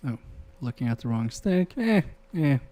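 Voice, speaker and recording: A man's voice: medium pitch, sing-song, moderate pace, warm tone. A man chatting casually with his live-stream chat while repairing electronics, joking, swearing and laughing often. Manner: laughs often between remarks.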